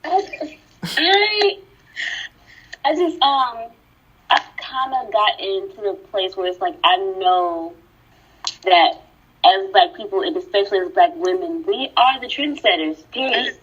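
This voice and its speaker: A woman co-hosting a casual podcast discussion, speaking in a reflective, measured way with fillers. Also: medium pitch, a bit bright, husky, lo-fi sound. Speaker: podcast co-host.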